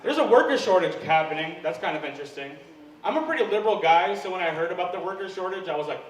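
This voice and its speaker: A man's voice: high voice, lively intonation, fast talker. A man doing a stand-up set, self-deprecating and chatting with the crowd, laughing between jokes. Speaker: stand-up comedian. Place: comedy club stage. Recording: echoey live room from far off, noisy.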